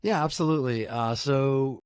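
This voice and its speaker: A man guesting on a podcast who talks in a grateful, halting way with many restarts. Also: medium pitch, clean tone, no echo, studio quality. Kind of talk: casual interview chat.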